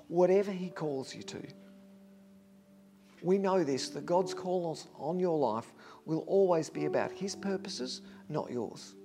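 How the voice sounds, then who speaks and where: A man preaches a sermon in a warm, high, light voice. Earnest and emphatic, he leans on repetition to make each point land.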